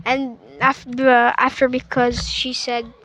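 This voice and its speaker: Woman reviewer, unhurried casual plot recap, trips over words often. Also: sits high, flat delivery, a bit bright, poor audio. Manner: stuttering, restarts, filler-heavy. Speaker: movie reviewer.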